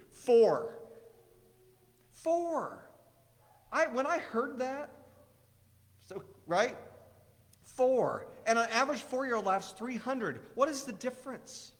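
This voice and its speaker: A man's voice: extremely high pitch, very animated, takes it slowly, long pauses, long reverb tail. A man preaching a conversational sermon to a congregation in a church, often asking them questions.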